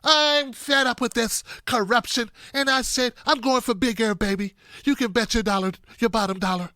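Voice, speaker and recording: A man impersonating a folksy, chirpy middle-aged female senator with squeaky exclamations. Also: steady tone, moderate pace, sharp tone, no echo, studio quality.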